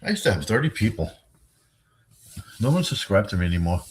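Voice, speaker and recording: A man's voice: fairly low pitch, sing-song, a little fast, a little hiss or hum. A tired older man hosting a rambling, profane late-night livestream, chatting loosely with his viewers and yawning. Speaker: livestream host.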